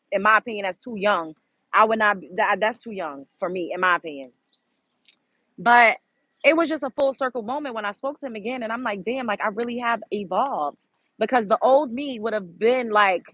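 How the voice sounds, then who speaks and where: Blunt, animated young woman host. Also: fairly high pitch, dry recording, poor audio. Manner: blunt, animated, swears freely. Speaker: online show host. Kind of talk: casual monologue.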